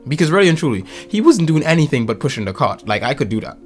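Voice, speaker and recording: A man's voice: a little high, racing, hardly any pauses, soft background music. A man, telling stories in a casual chat and acting out the voices in them. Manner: animated storyteller, acts out quotes. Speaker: podcast guest.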